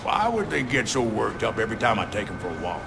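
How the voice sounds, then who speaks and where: A man's voice: on the low side, very animated, quick pace, gravelly, background noise. A man voicing a naive citizen who talks in an earnest, oblivious way. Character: odd, naive male citizen with a complaint. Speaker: citizen at the police desk. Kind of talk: video game voice acting.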